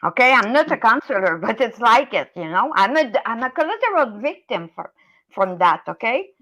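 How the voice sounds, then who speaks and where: Middle-aged French Canadian woman, fired-up swearing rant, bright tone. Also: a little high, very animated, moderate pace, poor audio. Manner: heated, swearing, repeats "okay?". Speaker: guest on a live stream. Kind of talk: angry rant in a live chat.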